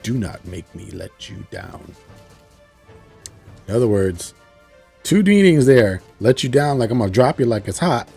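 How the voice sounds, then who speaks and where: Mellow-voiced man excitedly recapping a show. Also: fairly low pitch. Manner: enthusiastic, rambling storytelling with frequent "like" and "you know". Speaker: TV show reviewer. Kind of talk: casual recap of a TV episode.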